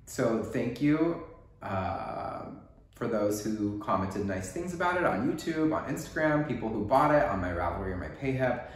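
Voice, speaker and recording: A man's voice: fairly low pitch, lively intonation, normal speed. A man with a Texas accent hosting a casual knitting podcast, rambling and joking with a lot of "like" in his speech. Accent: Texan. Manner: rambling, chatty, joking, lots of "like". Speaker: podcast host. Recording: very echoey room.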